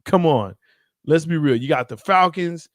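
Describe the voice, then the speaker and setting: A male sports podcast co-host who argues football rankings with a grin in his voice. His pitch swings up and down as he teases, laughing through his points. The sound is dry and close. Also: normal speed, no echo. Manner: teasing, laughs often, animated. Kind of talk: casual sports debate.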